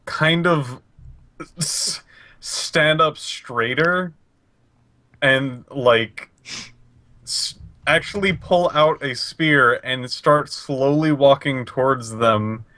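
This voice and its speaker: A man playing in a tabletop role-playing game, describing his character's actions haltingly with fillers. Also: medium pitch, bright, forceful tone, no room sound. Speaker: player.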